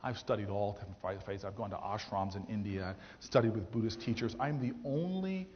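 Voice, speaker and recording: A man in his thirties, a mayor, telling a story to an audience in a speech, animated and acting out the people he quotes, with frequent restarts. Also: lowish voice, fairly quick, slight background noise. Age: 30s. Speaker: mayor giving a campus speech. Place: large theatre hall. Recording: dull, roomy auditorium recording.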